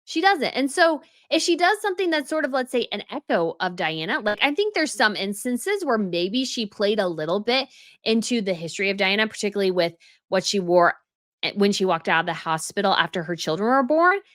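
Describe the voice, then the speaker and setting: A woman's voice: medium pitch, very animated, brisk, fairly bright tone, dry recording, clean studio sound. A woman delivering an opinionated commentary monologue as a news commentator, scornful and emphatic, with mocking asides.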